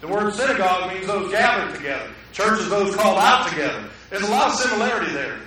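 A pastor preaching a sermon in a conversational way, often putting questions to the congregation, in a church sanctuary. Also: male voice, high voice, sing-song, quick pace, sharp tone, slight background noise. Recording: echoey hall, mic at a distance.

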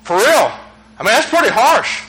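Male pastor, high bright voice, chatty sermon delivery that builds to shouting. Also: sing-song, normal speed, poor audio. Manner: conversational preaching, rising to shouts.

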